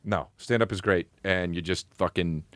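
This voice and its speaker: A man on a podcast, telling a story in lively casual chat, acting out what others said and swearing freely. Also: sits low, normal speed, dry recording. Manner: animated storyteller, acts out quotes, swears often. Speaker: guest comedian. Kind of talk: casual podcast chat, later whispered ASMR bit.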